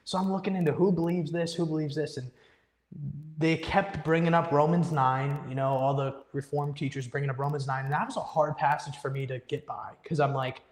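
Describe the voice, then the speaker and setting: A man's voice: a little high, steady tone, a little fast. A young man earnestly telling a personal story as a guest in an interview, often quoting his own past thoughts with emphasis. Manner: earnest, emphatic storytelling with quoted inner speech. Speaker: guest musician. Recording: echoey room with long reverb.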